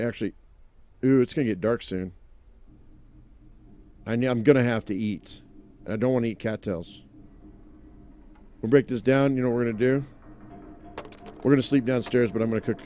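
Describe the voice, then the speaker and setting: A man's voice: mid-range voice, warm tone, slight background noise. A man casually commenting on his own survival gameplay, chatting to himself and his viewers with jokey exclamations. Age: adult, owns a dog. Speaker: let's play gamer.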